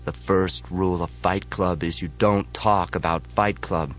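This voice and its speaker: A man reading an audiobook voices a stern male chapter leader, reciting rules flatly. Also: sits low, measured pace, slight background noise.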